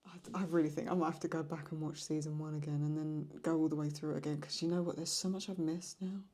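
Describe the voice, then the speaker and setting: A young woman chatting excitedly and mocking herself while she reacts to videos as host of her channel. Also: deep voice, fast, faint music behind. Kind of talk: casual reaction commentary.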